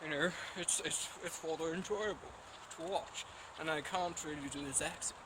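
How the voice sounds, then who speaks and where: Man, Dublin Irish accent, slightly high voice, rambling self-deprecating chat, traffic noise behind. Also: moderate pace. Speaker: vlogger. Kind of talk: casual chat to camera. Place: at home.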